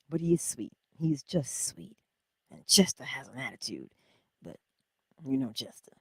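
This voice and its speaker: A woman hosting a morning inspiration livestream, chatting casually and warmly about spiritual ideas. She laughs often and drops into whispers to stress her points. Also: extremely low pitch, big pitch swings, measured pace, long pauses, husky, no echo, studio quality. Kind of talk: casual spiritual pep talk.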